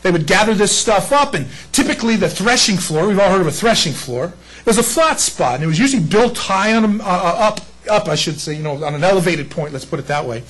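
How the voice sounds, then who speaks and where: A man preaches a sermon to his congregation. His voice sits fairly high, and he talks in an animated, conversational way, breaking into little acted-out voices and asides. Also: quick pace, husky, rough recording. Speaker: pastor.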